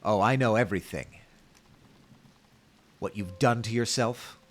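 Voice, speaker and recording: A man's voice: deep voice, sing-song, a little slow, gravelly, breathy edge, full character voice. A man voicing a harsh, furious mother who turns cold and screams at her daughter. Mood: screaming. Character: harsh furious mother, middle-aged woman.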